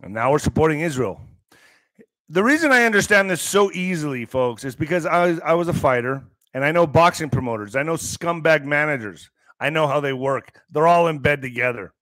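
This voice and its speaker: Middle-aged male podcast host with a slightly higher voice: sarcastic, emphatic rant, dry close sound. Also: animated, brisk, a bit bright, dry recording. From US border region. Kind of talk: ranting commentary reading news.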